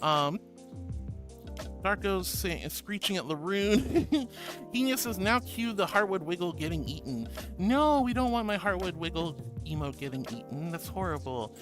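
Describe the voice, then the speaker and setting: A woman's voice: fairly low pitch, lively intonation, unhurried. Bubbly American woman streamer, music behind. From born in Australia, raised in the US. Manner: sweet, doting, calls viewers sweetie and honey; giggly and bubbly. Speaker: VTuber streamer. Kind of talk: live stream, reading chat aloud. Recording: background music under the voice.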